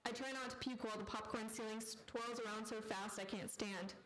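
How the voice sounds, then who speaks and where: A woman author reading her own fiction aloud at a live literary event, in a deadpan storytelling manner. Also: fairly high pitch, fairly quick, low-quality recording.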